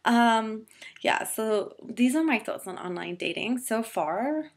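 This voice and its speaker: A woman's voice: fairly high pitch, animated, slow pace. A young woman vlogging casually to camera, chatty and full of filler words, poking fun at herself. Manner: chatty, filler-heavy, self-deprecating. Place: Toronto.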